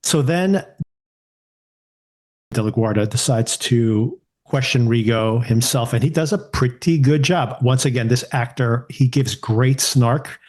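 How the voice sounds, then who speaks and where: A man co-hosting a podcast, chatting casually about a TV series and quoting scenes in animated voices. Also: medium pitch, unhurried. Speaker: podcast co-host. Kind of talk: casual TV recap chat.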